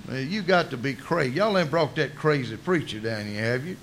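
A male preacher voicing a scornful mourner in a retold story, derisive and colloquial, scoffing at a preacher. The voice is bright and a touch lower than his usual preaching tone. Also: animated, fairly quick, slight background noise.

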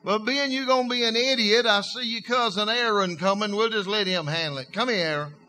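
Stern God figure, challenging, high bright tone, put on by a preacher. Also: male voice, brisk. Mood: exasperated. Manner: rhetorical, challenging questions. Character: stern, booming God questioning a man.

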